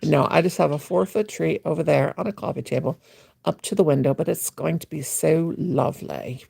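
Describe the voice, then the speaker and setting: A woman's voice: deep voice, steady tone, fairly quick, vocal fry, warm tone, slightly rough, no room sound, clean studio sound. A woman hosting a late-night home livestream, chatting in a rambling, playful way and greeting viewers by name. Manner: teasing, playful, mimics a gushing voice. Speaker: livestream host. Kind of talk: casual livestream chat.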